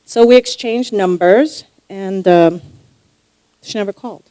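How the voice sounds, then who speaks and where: A woman from New York doing stand-up comedy on a live stage. She talks haltingly and self-deprecatingly, often repeating herself and restarting her lines. Her voice sits at a middle pitch with dry, close sound. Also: warm tone, clear, resonant tone, no room sound, poor audio. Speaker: stand-up comic. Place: stage before a live audience.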